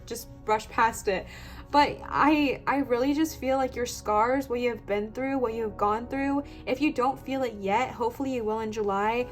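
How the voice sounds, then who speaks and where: A young woman giving a pick-a-card tarot reading in an earnest, emphatic way, close to tears and repeating affirmations. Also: fairly high pitch. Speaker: tarot reader.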